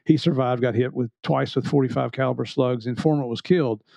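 A man's voice: mid-range voice, steady tone, fast talker, creaky, dark tone, dry recording. A middle-aged man, a former police officer hosting a podcast, speaking in an earnest, reflective way. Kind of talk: casual interview talk.

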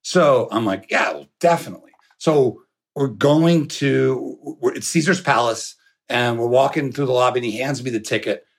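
A middle-aged man telling a long anecdote with lively energy, swearing and laughing as he goes. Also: mid-range voice, moderate pace. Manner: animated, swearing, laughing storyteller. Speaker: podcast guest. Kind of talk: storytelling anecdote.

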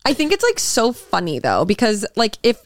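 A young woman co-hosting a podcast in casual chat, animated and swearing, acting out quotes in a higher voice. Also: normal speed, no room sound, clean studio sound. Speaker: podcast co-host.

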